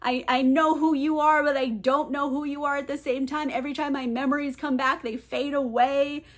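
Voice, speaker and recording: A woman's voice: high voice, level tone, moderate pace, close to an everyday voice. A woman voicing a demanding undead queen, desperate and impatient, in a lightly acted book-recap style. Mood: confused.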